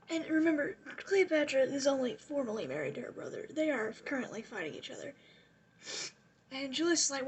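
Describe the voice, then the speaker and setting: A young woman with a high, light voice tells history as a rambling comic story. She swears freely and drops careless asides along the way. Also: animated, brisk. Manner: rambling, profane, giggly asides. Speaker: vlogger. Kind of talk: casual comedic history retelling.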